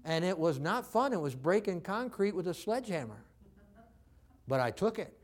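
A man's voice: high voice, sing-song, normal speed. A preacher telling a personal story in a sermon, talking conversationally and acting out the people he quotes. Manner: conversational, acts out quoted dialogue.

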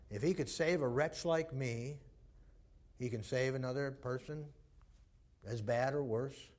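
A man preaching a sermon, telling the story in a folksy way full of "boy" and "uh". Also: medium pitch.

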